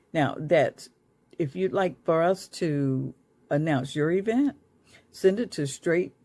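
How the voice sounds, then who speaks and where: A woman's voice: sits low, warm tone, no echo. Cheerful woman reading announcements. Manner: cheerful and giggly.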